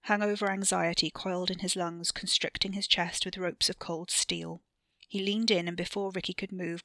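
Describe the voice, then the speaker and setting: A woman giving a measured, expressive scripted narration of a serialized story for her podcast. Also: on the low side, no echo.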